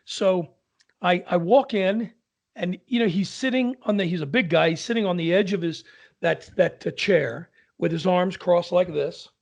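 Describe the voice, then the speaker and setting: Man, opera singer, animated storyteller, somewhat high voice, gravelly. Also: normal speed. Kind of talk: casual anecdote in a conversation.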